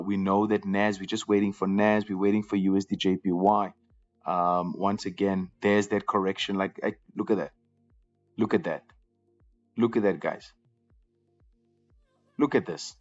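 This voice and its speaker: A man hosting a live trading room, talking casually to viewers and often repeating words as he goes. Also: sits low. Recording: slightly dull lo-fi audio with faint music.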